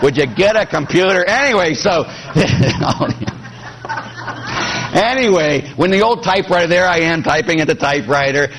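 A man's voice: a little high, husky. A middle-aged man from Pittsburgh, a priest preaching a sermon with jokes, acting out quoted voices. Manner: animated, joking, acts out quoted voices.

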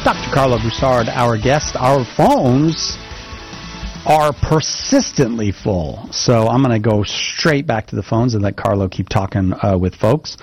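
A man hosting a call-in radio show, moving briskly between callers and joking at his own expense. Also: medium pitch, lively intonation, soft background music. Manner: brisk, self-deprecating joking. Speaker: radio host.

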